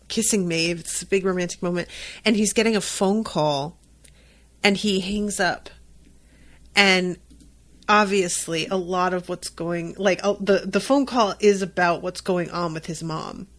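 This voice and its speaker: A woman hosting a podcast, recapping a TV episode in casual chat, emotional and swearing freely, crying at times. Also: on the low side. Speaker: podcast host.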